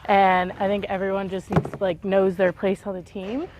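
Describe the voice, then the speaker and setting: A young woman, a college softball player, giving calm and thoughtful interview answers, often saying like and um. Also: mid-range voice, normal speed, background noise. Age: young adult.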